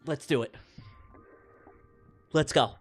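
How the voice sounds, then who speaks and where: A livestream host running giveaway races, calling them with excitable, teasing commentary and repeated catchphrases. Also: mid-range voice, slow, slightly rough, soft background music. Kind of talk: playful live race commentary. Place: live stream broadcast.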